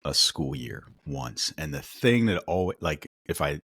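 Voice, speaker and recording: A man with an extremely deep voice and a husky grain tells rambling, animated stories in casual podcast chat. The sound is dry and close, with no room around it. He meanders with fillers and jumps into quick impressions. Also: dry recording. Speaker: podcast co-host.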